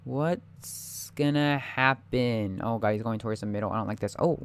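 A young man giving live gameplay commentary, anxious and excitable, often muttering and repeating himself. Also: medium pitch, moderate pace, clear, resonant tone.

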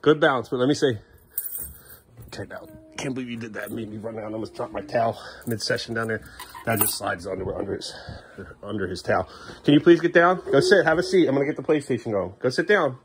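Man, thirties, dad at home, casual family vlog, coaxing, playful asides, medium pitch. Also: fast, noisy background. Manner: coaxing and playful with small children, muttering asides. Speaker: father filming his kids.

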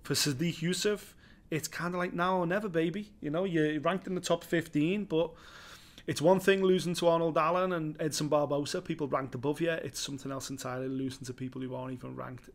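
A man with a Scouse accent co-hosting a fight preview, chatting in an animated way and swearing freely. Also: on the high side, a little fast. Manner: animated, swears freely, calls people baby. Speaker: MMA show co-host. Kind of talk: casual fight preview chat.

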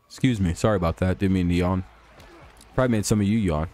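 A man with a slightly low voice runs a live stream, reacting casually to a football game. He rambles from play to play, swears a lot and keeps an easygoing tone throughout. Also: fast, darkish tone.

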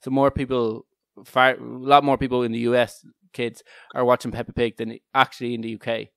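A man's voice: medium pitch, little pitch movement, a little fast, vocal fry, a bit bright, no room sound, studio quality. A man co-hosting a podcast in casual chat, rambling with laughs and restarts. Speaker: podcast co-host.

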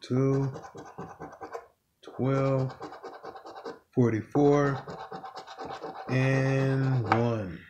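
A man co-hosting a lottery video, calmly reading out numbers one by one. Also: medium pitch. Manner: calm, reads numbers slowly one by one. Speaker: channel co-host. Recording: clear background noise.

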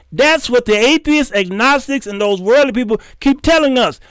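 High-voiced man ranting like a preacher. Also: expressive, moderate pace, hardly any pauses, a bit bright, clean tone, no room sound, studio quality. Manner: preachy, scolding, repeats phrases for emphasis. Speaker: host. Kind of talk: heated commentary rant.

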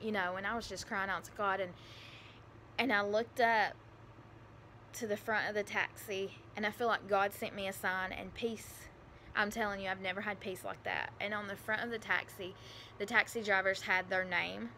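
Bright-voiced woman with a country accent. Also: mid-range voice, steady tone, normal speed, a little hiss or hum. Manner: rambling, earnest, many fillers. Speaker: adoptive mother vlogger. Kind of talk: casual storytelling.

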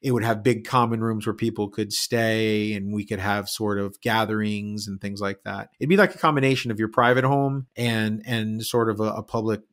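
Low-voiced man describing at length. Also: moderate pace, few pauses. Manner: descriptive, relaxed, filler-heavy. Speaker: player. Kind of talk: tabletop game play.

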